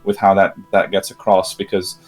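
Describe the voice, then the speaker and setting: Low-voiced man giving thoughtful advice. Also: completely flat delivery, moderate pace, a little mellow, faint music behind. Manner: thoughtful, hesitant with fillers. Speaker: game master. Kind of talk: casual roundtable chat.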